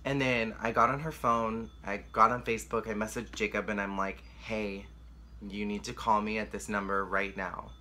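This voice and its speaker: Bright-voiced young man telling a personal story. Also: on the low side, flat delivery, moderate pace, slight background noise. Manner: candid, emotional, rambling with many likes. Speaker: vlogger.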